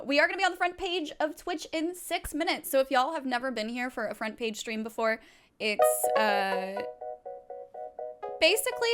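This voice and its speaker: Gaming live on Twitch, a chatty woman with a high, clear, resonant voice speaks directly to her chat. She's excitable and gushes as she talks.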